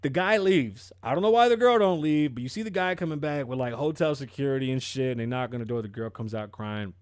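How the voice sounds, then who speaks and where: Male podcast host, casual commentary, profane, animated storytelling, middle pitch, dry close sound. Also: quick pace, clean tone, no room sound.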